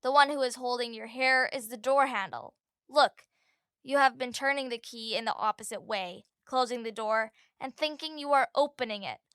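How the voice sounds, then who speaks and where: A woman voicing a shy, odd schoolboy who talks slowly and echoes words back in a storybook. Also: a little high, fairly bright tone, clear, resonant tone, studio quality, lightly acted. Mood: explaining. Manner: slow, halting, echoing words back.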